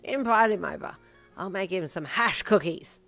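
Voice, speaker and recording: A woman voicing a cheerful elderly grandfather in a storybook reading, loud and teasing. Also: mid-range voice, expressive, moderate pace, vocal fry, soft background music. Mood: jolly.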